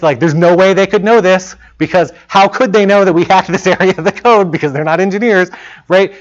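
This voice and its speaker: A fairly high-voiced man speaks casually to a room of students about working in game development. He keeps it chatty and acts out what he said in past moments. The recording sounds a bit muffled and lo-fi. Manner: casual, chatty, quotes himself in lively asides. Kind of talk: informal talk to students. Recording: dull lo-fi talk recording.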